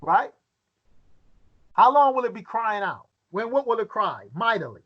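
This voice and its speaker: A man with a fairly high voice leads a Bible study, reading scripture aloud and then questioning his listeners. He often halts and repeats words as he thinks, and the recording sounds dull and lo-fi. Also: big pitch swings, a little slow.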